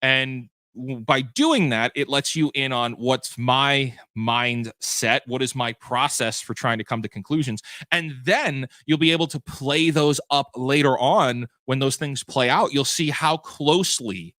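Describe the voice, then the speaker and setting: Male game master hosting a livestream recap; bright, forward voice, loose and chatty with frequent restarts. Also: medium pitch, unhurried, few pauses, no room sound. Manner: chatty, self-correcting, answers viewer questions. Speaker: game master and show host. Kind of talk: livestream post-show chat.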